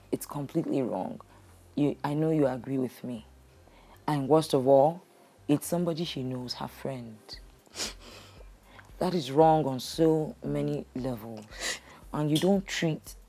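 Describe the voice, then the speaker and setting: A woman hosting a counseling show, calm, measured and soothing. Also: low-pitched. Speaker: relationship counselor host.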